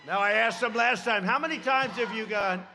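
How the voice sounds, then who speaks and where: High bright-voiced man at a rally. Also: normal speed, vocal fry, a little hiss or hum. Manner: rambling with sarcastic asides and shouted emphasis. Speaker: politician at a campaign rally. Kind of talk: campaign rally speech. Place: large campaign rally.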